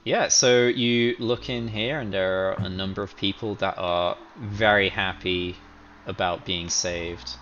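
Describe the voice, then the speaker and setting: A man's voice: deep voice, steady tone, a little slow, a bit bright, dull audio, a little hiss or hum. A man narrating a tabletop game as game master, easygoing and full of fillers, over background music.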